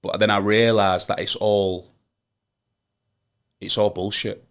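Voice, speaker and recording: Low-voiced Yorkshire rapper, earnest. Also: male voice, level tone, takes it slowly, clear, resonant tone. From Hull, Yorkshire, England. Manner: earnest, emphatic, builds to rallying advice. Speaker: rapper, guest. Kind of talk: casual interview chat.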